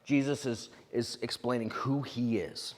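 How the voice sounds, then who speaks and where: A man preaching a sermon as pastor, telling a story with lively asides. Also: mid-range voice. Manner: animated storytelling with quick asides. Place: church sanctuary. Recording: long reverb of a church hall.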